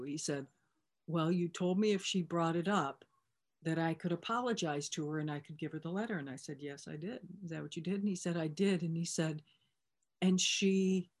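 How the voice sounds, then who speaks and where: A woman speaking as a recovery sponsor, telling a personal story in a conversational way and retelling back-and-forth dialogue. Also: low-pitched. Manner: conversational, with fillers and restarts.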